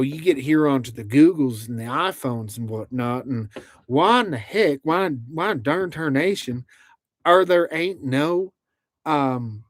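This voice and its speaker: Guy hamming up an over-the-top Southern drawl, slow and mock-outraged, dry close sound. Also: a little high, no echo. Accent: Southern US, put on. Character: hammy drawling Southern-twanged man, mock-indignant.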